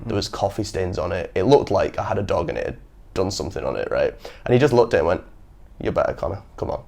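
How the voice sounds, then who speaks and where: A young man hosting a podcast, telling stories in a casual, animated way and acting out the people he quotes. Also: deep voice, fast talker, gravelly. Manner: animated storyteller who acts out quotes. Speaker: podcast host. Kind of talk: casual chat.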